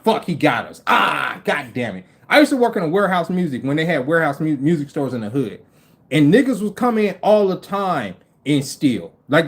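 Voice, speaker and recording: Lively high-voiced man ranting. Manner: animated, profane, incredulous, acts out other people in quick voices. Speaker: livestream host. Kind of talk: casual storytelling rant.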